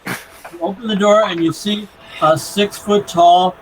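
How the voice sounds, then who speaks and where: Male game master, fairly high voice, slow scene-setting narration, noisy call audio. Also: steady tone. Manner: describes scenes slowly and deliberately, often laughing. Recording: noisy online call recording.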